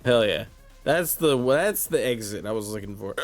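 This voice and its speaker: A drunk man hosting a casual stream sign-off, rambling, swearing and breaking into high laughter, hiccuping now and then. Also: animated, moderate pace, faint music behind. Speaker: streamer and host.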